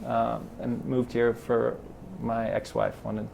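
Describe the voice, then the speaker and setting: Animated and acting out the lines of dialogue, a middle-aged Los Angeles man, president of a triathlon club, tells stories during a casual interview in a garage. His medium-pitched voice is gravelly and slow, and there's a little hiss or hum.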